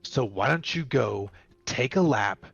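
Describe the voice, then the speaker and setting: A man's voice: mid-range voice, animated, a little slow, gravelly, soft background music. A man playing his character in a tabletop game, firm and commanding in character. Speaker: player. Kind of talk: in-character tabletop role-play. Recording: slightly dull voice chat audio.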